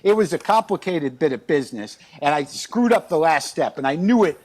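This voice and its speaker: A man's voice: a little high, lively intonation, a little fast, darkish tone. A middle-aged man telling comic stories in a rambling, exasperated, self-mocking way over a remote video call. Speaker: guest. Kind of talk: comic storytelling chat. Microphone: remote video call from outside his house.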